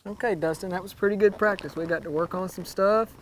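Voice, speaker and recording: A man's voice: sits high, fast, slight background noise. A man coaching a rider through cutting-horse runs in an outdoor arena, calling out short, repeated commands.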